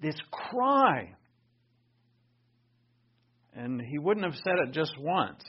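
A man's voice: fairly high pitch, sing-song, drawn-out words, breathy edge, highs cut off. A man teaching the Bible in an emphatic, conversational way, thinking aloud and restarting his sentences.

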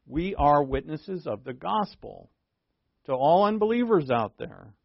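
Man preaching slowly with emphatic stresses. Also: on the high side, big pitch swings, gravelly, no room sound. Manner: teaching, with slow emphatic stresses and asides. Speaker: pastor. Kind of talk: sermon. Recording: dull, lo-fi dry recording.

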